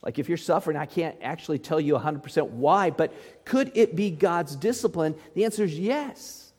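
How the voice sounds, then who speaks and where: A man's voice: on the high side, animated, moderate pace, darkish tone, husky, long reverb tail. A male pastor preaching a sermon in a conversational way, often putting rhetorical questions to his listeners.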